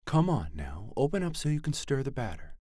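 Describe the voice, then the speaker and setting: A man voicing a devout middle-aged mother who coaxes her son in a languid, honeyed voice, evenly modulated and warm. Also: medium pitch, big pitch swings, a little fast, husky, dry recording, clean studio sound, voice pushed up. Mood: coaxing.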